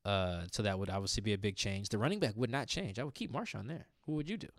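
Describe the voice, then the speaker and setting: A man's voice: on the low side, fast, no echo, studio quality. A man hosting a podcast, talking sports in a loose, rambling, slangy way. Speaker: podcast host. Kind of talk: casual sports chat.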